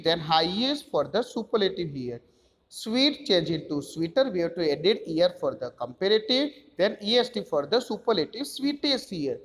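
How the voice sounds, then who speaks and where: A man's voice: sits high, long reverb tail. A man teaching a grammar lesson, explaining step by step and spelling out letters.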